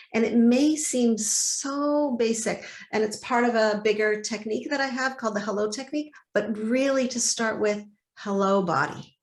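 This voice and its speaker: A woman coach talks with a fairly high, animated voice. She keeps acting out little inner dialogues as she explains. The room around her sounds echoey. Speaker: guest, body-peace coach. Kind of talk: interview conversation.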